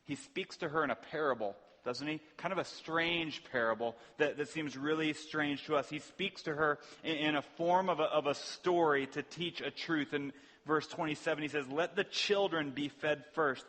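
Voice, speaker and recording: A man's voice: a little high, moderate pace, a bit bright. Earnest male pastor in a reverberant hall. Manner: earnest, repeats words at restarts, asks rhetorical questions. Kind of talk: sermon. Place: church sanctuary.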